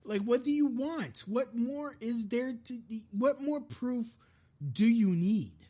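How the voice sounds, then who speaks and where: A man's voice: very high voice, takes it slowly, warm tone. A man hosting a live-streamed podcast, delivering a frustrated, profane political rant with frequent restarts. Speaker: podcast host.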